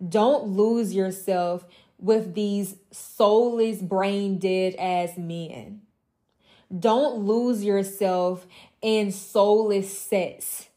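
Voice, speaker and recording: A young woman with a mellow, dark-toned voice delivers an impassioned motivational monologue to other women. She talks emphatically and repetitively, blunt and profane, slipping into mocking asides. Her pitch sits in an ordinary middle range. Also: fairly even intonation, drawn-out words. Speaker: women's mentor.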